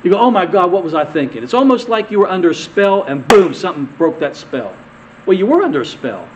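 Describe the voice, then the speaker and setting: A male pastor preaching a conversational sermon, asking the congregation questions and repeating words, swinging from emphatic peaks to quiet asides. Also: high-pitched, sing-song, fast, highs cut off, noisy background.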